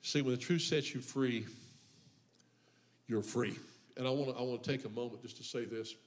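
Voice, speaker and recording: At a moderate pace and mid-range pitch, a man preaches to his church with fairly even intonation. He weaves comic stories from his life together with heartfelt refrains that swell in power.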